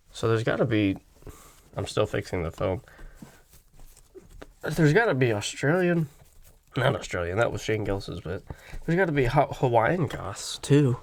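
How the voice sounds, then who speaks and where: A man's voice: on the low side, no room sound, studio quality. A man hosting a solo comedy podcast, ranting in a sarcastic, profane way. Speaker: podcast host.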